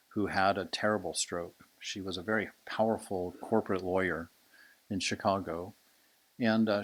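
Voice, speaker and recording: A man in his sixties giving a conversational Sunday sermon as a swami, asking "right?" often and moving from hushed to emphatic. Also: deep voice. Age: 60s. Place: monastery lecture hall.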